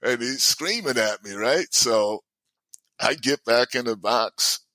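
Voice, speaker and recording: A man in his sixties telling stories as a guest in a casual chat, animated and often laughing. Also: medium pitch, slow pace, dry recording. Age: 60s. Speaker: guest, former baseball player.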